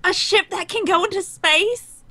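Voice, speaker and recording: A woman's voice: very high-pitched, a little slow, bright, forceful tone, no echo. A woman playing her character in a tabletop game, talking in a bubbly, sweet and earnest way. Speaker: player.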